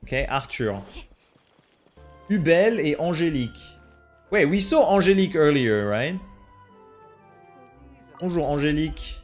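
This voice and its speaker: This young streamer from France speaks with a French accent, chatty as he reads viewers' names aloud and laughs at them. His fairly high, expressive voice moves at normal speed but pauses often, with faint music behind.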